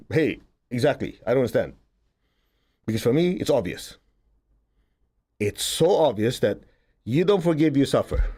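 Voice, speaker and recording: A spiritual teacher with a warm, medium-pitched voice gives a casual talk to an audience. He's conversational, laughs often and acts out quotes.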